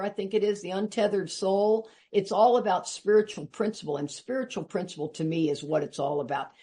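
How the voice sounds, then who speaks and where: An older woman from Texas with a Texan accent, giving an earnest, emphatic personal share at a recovery meeting. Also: a little mellow. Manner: earnest and emphatic, rising in pitch when urging listeners.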